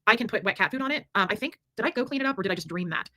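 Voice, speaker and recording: A woman's voice: medium pitch, animated, rapid-fire, pushed and bright, dry recording. A woman hosting a livestream, reading super chats in a rambling, emphatic way and swearing freely. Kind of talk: casual livestream chat.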